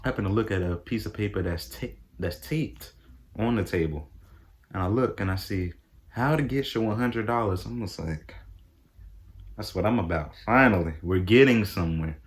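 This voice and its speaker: A young man tells a casual vlog story and acts out his own reactions, jumping into high-pitched exclamations. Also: normal speed. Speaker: vlogger.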